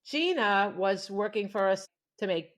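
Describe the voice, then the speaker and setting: A woman co-hosts a podcast in a casual chat, her mid-range voice moving a little slowly. She's an animated storyteller who laughs often and acts out the voices in the quotes she tells.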